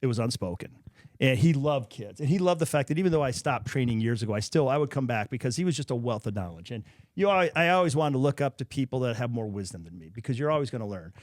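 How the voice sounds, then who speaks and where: A man's voice: medium pitch, lively intonation, fast talker, no echo, studio quality. A man in his fifties from Nebraska, a comedian guest, telling rambling, self-deprecating stories in casual chat.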